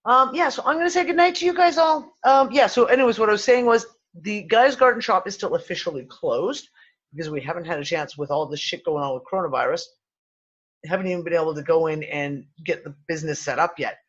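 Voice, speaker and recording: A man's voice: high-pitched, quick pace, fairly bright tone, muffled recording. A man with a West Midlands English accent, co-hosting a casual chat, rambling and swearing freely with many restarts. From England. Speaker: podcast co-host.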